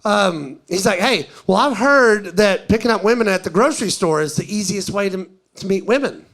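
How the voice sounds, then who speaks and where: Man, stand-up comedian, high-pitched, easygoing storytelling. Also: animated, normal speed, fairly bright tone. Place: live comedy venue.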